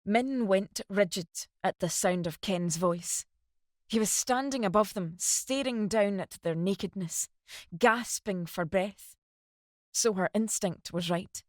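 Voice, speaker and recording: A woman reading a dramatic novel aloud as narrator, in steady storytelling. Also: mid-range voice, slow, dry recording, clean studio sound. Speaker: audiobook narrator.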